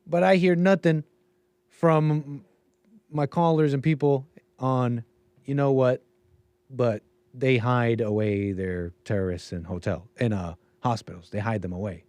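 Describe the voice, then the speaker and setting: A man's voice: medium pitch, fairly even intonation, unhurried, darkish tone, dry recording. A man hosting a livestream commentary show, rambling and musing aloud and often trailing off mid-thought. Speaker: show host.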